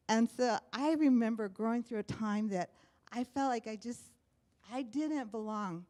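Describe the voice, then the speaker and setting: A middle-aged woman from the United States tells her own story to an audience in a live talk. She speaks in an animated way, slipping into the voices of the people she quotes. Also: on the high side, unhurried.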